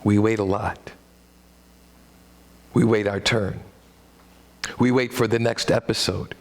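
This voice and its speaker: A man with a Midwestern American accent performs a one-man monologue on stage, a little slow, with fairly even intonation and long pauses. His wry, self-deprecating dad-joke humor comes with pitch jumps for comic emphasis.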